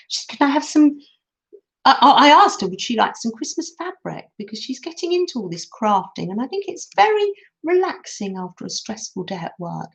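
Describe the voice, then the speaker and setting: A middle-aged woman hosts a crafting live stream, chatting with viewers as she works and giggling often. Her voice sits a little high and is creaky, and the talk is a casual crafting tutorial. The recording has a dull, lo-fi sound.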